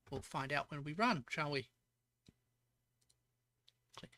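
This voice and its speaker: A woman's voice: low voice, lively intonation, takes it slowly, long pauses, bright, forceful tone, no echo. An Australian woman streaming as a VTuber, thinking aloud as she codes and chatting with viewers in between. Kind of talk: live coding stream chat.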